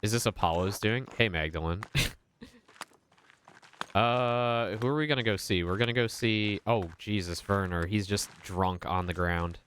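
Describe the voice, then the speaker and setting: A man's voice: on the low side, unhurried, fairly bright tone, slight background noise. Crude, jokey male game streamer. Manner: crude, jokey, laughs often. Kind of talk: casual game commentary.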